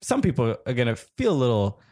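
Laughing man with a lively pitch. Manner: laughs a lot, halting, trails off. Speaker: podcast co-host. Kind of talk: casual chat.

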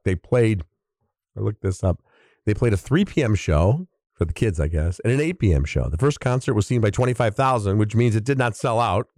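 A man in his sixties hosting a podcast, telling stories in a chatty, animated way with big pitch swings. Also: dry recording, clean studio sound. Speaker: podcast host. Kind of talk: casual storytelling monologue.

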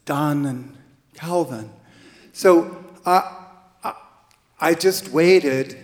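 A man telling a true story live on stage, halting and restarting as he goes. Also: on the high side, big-room sound. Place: theater stage.

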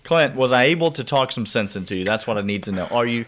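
A man's voice: medium pitch, expressive, fast talker, a bit bright. A man co-hosting a sports podcast in casual chat, ribbing the others with mock outrage and wrapping up segments. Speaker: podcast co-host.

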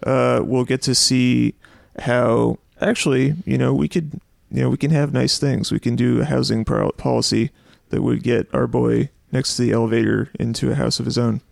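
A man co-hosting a podcast in casual chat, speaking in a slow, measured, hesitant way. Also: mid-range voice, fairly even intonation, gravelly, a little mellow, dry recording, studio quality. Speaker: podcast co-host.

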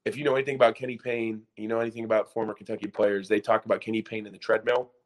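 A man in his twenties, a podcast guest and former college basketball player, telling a story in a casual, animated way with lots of "like" and restarts. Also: lowish voice, very fast.

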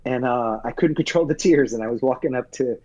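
A man's voice: medium pitch, darkish tone. Earnest man in a muffled interview. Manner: earnest, emotional, halting with many restarts. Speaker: Broadway actor, interview guest. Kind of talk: candid interview storytelling. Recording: dull lo-fi sound.

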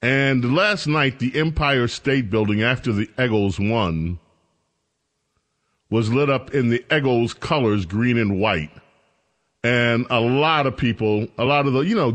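A man's voice: medium pitch, a bit bright. A man hosting a talk radio show, delivering a sarcastic, mocking monologue. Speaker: radio host.

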